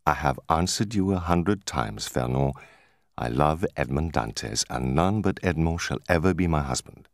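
A man's voice: rumbling low, animated, moderate pace, no room sound, studio quality. A man voicing a devoted, passionate young woman who speaks firmly. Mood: firm devotion.

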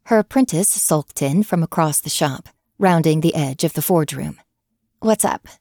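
A woman narrating a story in a measured, even manner, recorded close on a studio mic. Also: deep voice, dry recording. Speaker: audiobook narrator. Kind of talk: scripted narration.

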